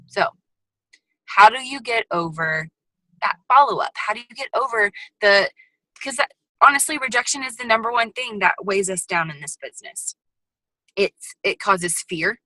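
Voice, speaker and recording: Woman guest trainer, bright and forceful, sassy motivational delivery, dry video-call sound. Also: medium pitch, no room sound, poor audio. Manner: lively, sassy and chatty, with frequent asides. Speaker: guest speaker at a sales team training.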